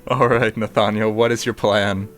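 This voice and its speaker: A man's voice: on the low side, level tone, moderate pace, a bit bright, faint music behind. A man running a tabletop game as game master, narrating in a rambling way with many fillers. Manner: rambling, full of fillers and restarts.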